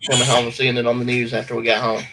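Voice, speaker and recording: A man's voice: medium pitch, monotone, racing, background noise. A man, a guest in a casual chat, laid-back and dry.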